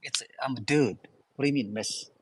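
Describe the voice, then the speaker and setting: A man's voice: mid-range voice, moderate pace, a little hiss or hum. A man from Guatemala calling in to a talk show, sounding defensive. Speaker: caller.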